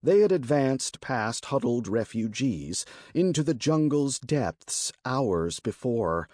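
Slow, expressive male audiobook narrator. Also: mid-range voice, dry recording. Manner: slow, deliberate and expressive reading. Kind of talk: scripted fantasy narration. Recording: dry close studio recording.

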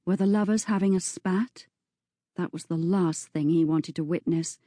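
A woman reading a story aloud as narrator, in a slow, even storytelling manner. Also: on the low side, no echo, clean studio sound. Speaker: audiobook narrator. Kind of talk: scripted narration.

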